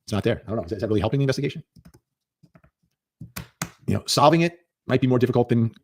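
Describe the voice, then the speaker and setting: A man's voice: medium pitch, racing, darkish tone, slight background noise. A man giving earnest, emphatic commentary, repeating key points for stress. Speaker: legal commentator. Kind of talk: clip of commentary played in a stream.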